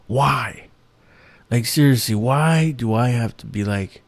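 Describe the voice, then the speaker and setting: A man's voice: mid-range voice, a little slow, no echo. A man hosting his own show, ranting in a rambling, profane, exasperated way with many restarts. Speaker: podcast host. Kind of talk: casual ranting monologue.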